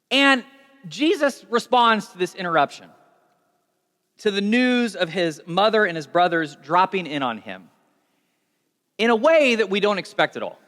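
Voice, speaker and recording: A young adult man preaching a sermon as pastor, telling stories in a conversational, animated way. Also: high-pitched, normal speed, pauses often. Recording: long reverb of a large hall.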